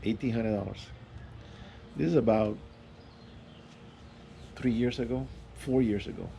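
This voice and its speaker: A man telling a personal story in a casual, rambling way, with halting restarts and fillers. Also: lowish voice, vocal fry, dark tone, slight background noise. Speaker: vlogger.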